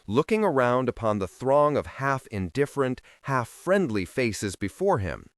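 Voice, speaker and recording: A man's voice: mid-range voice, very animated, measured pace, no echo, clean studio sound. A man narrating a self-help audiobook in an emphatic, instructional reading style.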